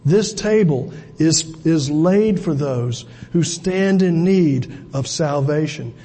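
High-voiced man preaching in a reverberant church. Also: expressive, slow pace, dark tone, husky. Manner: conversational preaching with asides and repeated words. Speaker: pastor. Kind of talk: sermon. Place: church sanctuary. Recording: long hall reverb.

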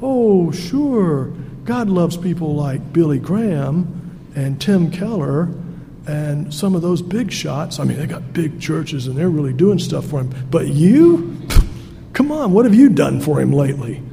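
A man's voice: fairly high pitch, very animated, a little slow, vocal fry, mellow, exaggerated voice. A man voicing Satan as a sly tempter who scoffs and needles, in an echoey hall. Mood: scoffing. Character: mocking male Satan, sly whispering tempter. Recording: echoey hall with faint noise.

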